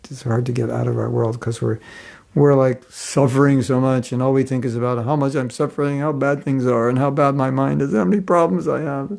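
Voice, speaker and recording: A man's voice: medium pitch, fairly even intonation, fairly quick, vocal fry, darkish tone. A man giving a devotional class, telling stories in a conversational way and chuckling often. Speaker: spiritual teacher.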